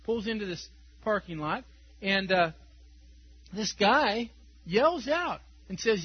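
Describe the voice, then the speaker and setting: Male preacher, high-pitched, slightly husky, chatty and chuckling, dull lo-fi sound. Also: expressive, a little slow, dry recording. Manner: conversational, tells stories with chuckles. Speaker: pastor. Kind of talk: sermon.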